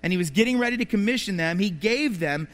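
A man's voice: high-pitched, animated, fast. A man preaching a sermon as a pastor, telling stories and asking the congregation rhetorical questions. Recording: reverberant hall.

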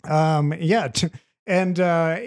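Animated, rambling podcast host man. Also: on the high side, slow pace, clear, resonant tone. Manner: animated and rambling, swears freely. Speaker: podcast co-host reviewing films. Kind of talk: casual chat.

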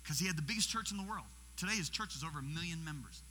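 A high, sharply bright male voice preaches as a guest speaker in his sixties. He tells his stories with acted-out quotes and direct questions to the congregation. The sound rings with the long reverb of a big hall, over a faint mains hum. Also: lively intonation, rapid-fire. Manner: storytelling, acting out quotes and questioning the audience. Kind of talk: sermon.

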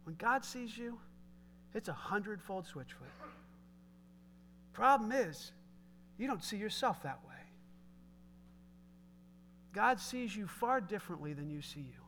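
A man preaching a sermon in an animated way, speaking directly to his congregation. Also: high-pitched, unhurried, long pauses, slight background noise. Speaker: pastor.

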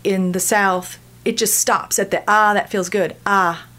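A woman's voice: medium pitch, fairly even intonation, a little slow, a bit bright. A woman dialect coach from the United States, explaining how vowel sounds work. She speaks in a mid-range voice and sounds out each example as she teaches on a radio program.

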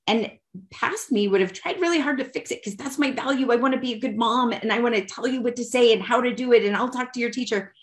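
A woman's voice: a little high, fast talker. A woman talking as a podcast guest from home, candid and chatty, with an emotional, self-mocking way of talking. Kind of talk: candid personal conversation.

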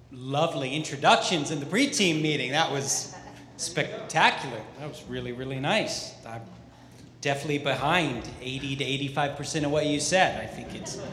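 A man's voice: on the high side, a bit bright, a little hiss or hum. A man from the American Midwest preaching a sermon as pastor, upbeat, joking and conversational with his church. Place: church auditorium. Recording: echoey hall with long reverb.

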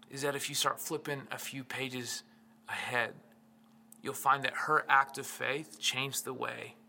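Forceful, bright-voiced male preacher. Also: fairly high pitch. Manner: impassioned preaching, building intensity; storytelling scripture accounts. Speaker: pastor. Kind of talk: sermon.

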